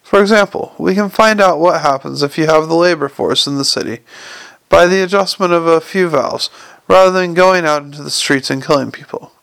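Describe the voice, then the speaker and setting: A man voicing an excitable, long-winded male inventor who lectures eagerly and trips over his words, in an audiobook reading. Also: fairly high pitch, brisk, vocal fry, clean tone, no echo. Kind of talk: audiobook character voice.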